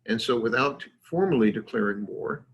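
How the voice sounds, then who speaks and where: A man's voice: medium pitch, lively intonation, moderate pace, creaky, fairly bright tone, slightly rough, muffled recording. A man giving a conversational lecture with slides, digressive, with many fillers and self-deprecating asides.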